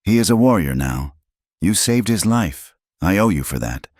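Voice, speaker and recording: A proud Apache warrior, voiced by a male storyteller, speaking gravely and deliberately. The voice sits extremely deep, and the sound is close and dry. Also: big pitch swings, darkish tone, no echo. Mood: solemn.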